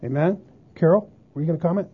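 A pastor preaching a sermon emphatically, often asking the congregation whether they agree. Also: male voice, a little high, fast, breathy edge. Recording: dull lo-fi sermon recording.

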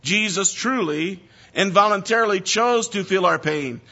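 High bright-voiced man preaching. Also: moderate pace, muffled recording. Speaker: pastor. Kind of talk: sermon.

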